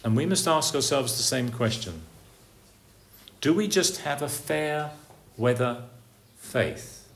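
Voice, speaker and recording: A preacher delivering a sermon, posing rhetorical questions and swinging from emphatic peaks down to low, quiet lines. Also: male voice, expressive, measured pace, creaky, pauses often.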